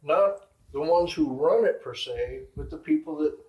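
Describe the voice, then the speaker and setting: A man's voice: on the high side, normal speed, a little mellow, recorded from a distance. A male podcast co-host chatting casually, acting out cheerful greetings in his stories. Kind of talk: casual chat. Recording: roomy, off-mic, faint noise.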